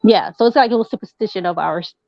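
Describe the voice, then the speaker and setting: A woman's voice: mid-range voice, fast, gravelly, no echo. A woman, a tarot reader, talking casually and hesitantly as a podcast guest. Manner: hesitant, many fillers. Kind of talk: casual interview chat. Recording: dull dry lo-fi sound.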